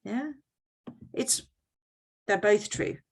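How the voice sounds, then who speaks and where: A woman's voice: mid-range voice, drawn-out words, slightly rough. A woman presenting a workshop in a conversational teaching style, often checking in with her audience.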